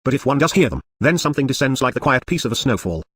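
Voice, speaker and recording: A male audiobook narrator reads a literary novel at a fast clip. His voice is husky, and the recording is dry and close with no room sound. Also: mid-range voice, very animated, a bit bright, no echo. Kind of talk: scripted narration.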